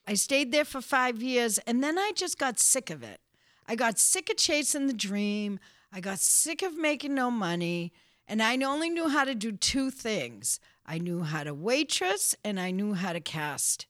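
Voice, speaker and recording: A woman in her sixties from the Boston area tells stories with comic energy, laughing as she goes. Her voice sits a little high for a woman. The sound is dry and close. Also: unhurried, no room sound. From Boston area, USA. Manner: lively, funny storyteller who laughs often. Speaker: casting director, guest. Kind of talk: casual interview storytelling.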